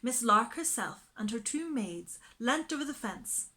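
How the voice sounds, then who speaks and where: Slow, bright woman reading a storybook. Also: a little high. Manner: slow and expressive.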